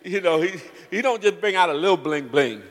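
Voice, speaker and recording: A male pastor preaches with lively slang and calls out to his congregation for amens. His voice runs high and swings widely in pitch. A long church reverb hangs on his words. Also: a little fast. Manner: animated, slangy, asks the crowd for amens. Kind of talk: sermon.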